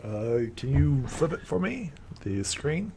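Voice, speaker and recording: A man's voice: mid-range voice, sing-song, slow pace, a little mellow, breathy edge. A laid-back man playing a tabletop game who laughs often. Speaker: player.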